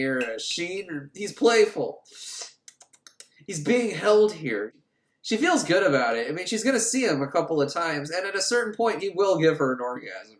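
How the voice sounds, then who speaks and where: Rambly joking movie recap host, super animated voice, echoey room. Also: mid-range voice. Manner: rambling, joking, frequent laughs. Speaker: film recap podcaster.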